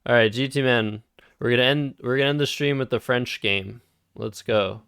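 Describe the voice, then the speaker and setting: A man's voice: medium pitch, normal speed, vocal fry, fairly bright tone, clean tone, no room sound, clean studio sound. A man casually thinking aloud while playing word games on a live stream. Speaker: streamer and Scrabble player.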